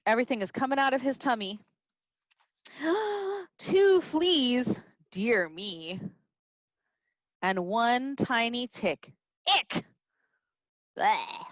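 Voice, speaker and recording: A woman teacher reading a picture book and singing to young children in an expressive, playful way, with little gasps and asides. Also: a little high, slow, no room sound. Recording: dry, slightly dull lo-fi sound.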